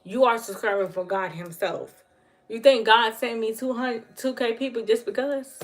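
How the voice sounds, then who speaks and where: A woman's voice: a little high, fairly even intonation, moderate pace. A woman giving an earnest, emotional talk about faith to viewers on her livestream. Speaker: livestream host. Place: home livestream.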